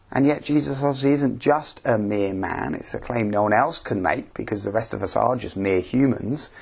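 A man's voice: mid-range voice, vocal fry, darkish tone, breathy edge. A man preaching a sermon, earnest and searching, asking his listeners repeated questions.

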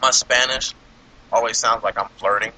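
A man's voice: medium pitch, normal speed, very noisy. A man hosting a podcast in casual chat, telling stories with lots of laughs while eating. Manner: animated storytelling, laughs a lot. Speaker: podcast host.

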